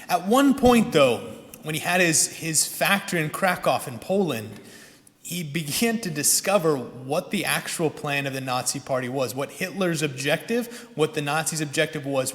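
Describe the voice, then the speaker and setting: Male pastor, fairly high voice, casual storytelling sermon, long church reverb. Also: a bit bright. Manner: conversational storytelling, frequent restarts.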